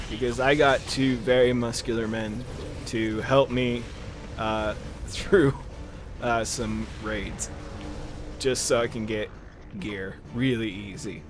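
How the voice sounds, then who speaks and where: A man's voice: mid-range voice, a little slow, faint music behind. A young man chatting casually with viewers while playing a game on stream, laughing often. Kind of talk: casual gameplay commentary.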